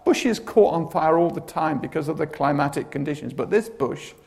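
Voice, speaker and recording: A man's voice: on the high side, normal speed, gravelly. A man preaching a sermon, telling stories with dramatic flair and humorous asides. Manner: animated storytelling with humorous asides.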